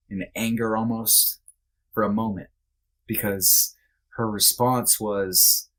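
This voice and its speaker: Podcast guest, male, lowish voice; earnest, reflective, halting delivery. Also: fairly bright tone. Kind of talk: candid conversation.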